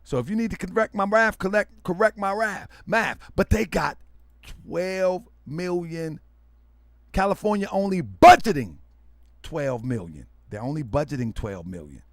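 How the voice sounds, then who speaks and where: A loud, hyperactive man hosting a livestream, talking to his viewers as family and repeating himself for emphasis. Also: sits high, expressive, unhurried, no room sound. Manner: preachy, calls listeners family. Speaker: online show host.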